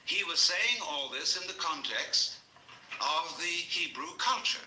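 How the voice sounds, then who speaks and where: A man giving an anecdotal lecture to an audience, with a wry, lively storytelling manner. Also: a little high, a little slow. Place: lecture hall before an audience. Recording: roomy lecture hall recording with faint hiss.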